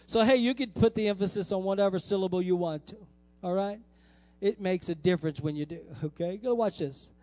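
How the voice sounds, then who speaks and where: A man's voice: high voice, a little fast, a little mellow, no room sound. A male pastor preaching a sermon to his congregation, emphatic and repeating key lines for effect. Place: church sanctuary.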